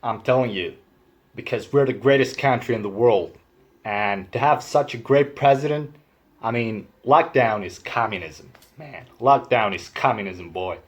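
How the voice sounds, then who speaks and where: A man's voice: medium pitch, a little slow, natural voice. A man putting on a boastful middle-aged politician. He brags in short, emphatic bursts. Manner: bragging, emphatic.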